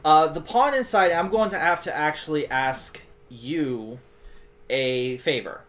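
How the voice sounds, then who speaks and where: A man's voice: fairly high pitch, unhurried. A man running a tabletop role-playing game as game master, narrating and jumping into character voices. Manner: animated, jumps into character voices.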